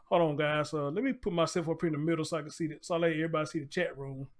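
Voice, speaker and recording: A man's voice: on the high side, racing, hardly any pauses. A man hosting a live stream, commenting bluntly and profanely in a rambling, casual way. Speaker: show host.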